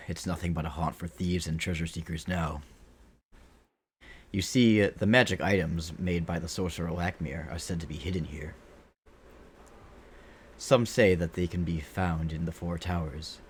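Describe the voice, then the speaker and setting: A man reading the lines of a kindly old male magician in a video game, in a husky voice. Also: deep voice, fairly even intonation, unhurried, pauses often, exaggerated voice. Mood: friendly.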